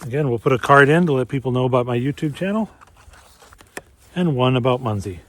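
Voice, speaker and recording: A chatty, enthusiastic man from Minnesota talks to his viewers while out on a cold winter trail. He narrates casually into a handheld camera mic and keeps the tone friendly and upbeat. His pitch sits in an ordinary middle range. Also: a little fast, slight background noise. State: slightly out of breath while walking fast. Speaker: geocaching vlogger. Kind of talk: casual outdoor vlog narration.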